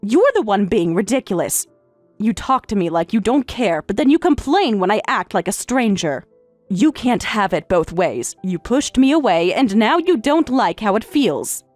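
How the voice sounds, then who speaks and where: A woman voicing a middle-aged stepmother, speaking in a calm, detached and formal way. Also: medium pitch, moderate pace, no echo, faint music behind. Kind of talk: story narration with voiced roles.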